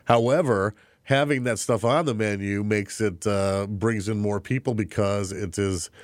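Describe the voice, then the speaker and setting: A man co-hosting a casual morning podcast, easygoing and quick to laugh, talking with lots of fillers. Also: on the low side, steady tone, no room sound. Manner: easygoing, laughs often, uses many fillers. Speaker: podcast co-host.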